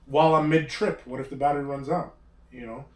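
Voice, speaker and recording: A man's voice: mid-range voice, steady tone, quick pace. Male host, rambling casual talker, sits back from the mic in a roomy space. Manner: rambling, hesitant, restarts often. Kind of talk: casual chat. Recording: roomy echo, distant mic, faint background hum.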